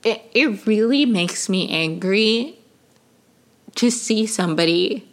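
A woman's voice: medium pitch, slow pace. Exasperated young woman ranting casually. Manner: exasperated, animated, swears, many fillers. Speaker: podcast host. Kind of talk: casual commentary rant.

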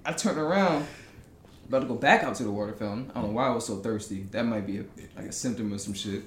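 A young man telling a story in a casual podcast chat, animated and quick with asides. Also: lowish voice. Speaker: podcast guest. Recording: roomy room with faint noise.

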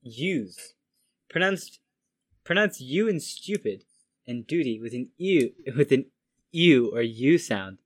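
A man casually reading a pronunciation guide aloud to friends, halting and restarting as he goes. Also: mid-range voice, lively intonation, slightly rough, dry recording.

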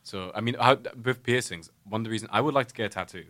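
A man's voice: lowish voice, fast, a bit bright. A man hosting a podcast in casual chat, hesitant and full of fillers. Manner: hesitant, lots of fillers and restarts. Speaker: podcast host.

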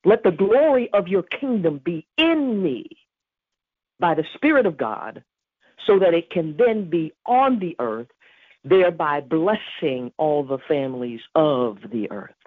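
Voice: mid-range voice, big pitch swings, unhurried, no echo. A podcast host giving an emphatic devotional teaching on prayer, repeating key phrases. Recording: tinny phone-like dry recording.

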